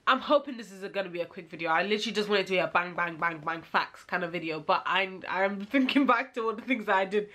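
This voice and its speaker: A woman's voice: medium pitch, pushed and bright. A woman chatting casually to camera as a vlogger, rambling and laughing often.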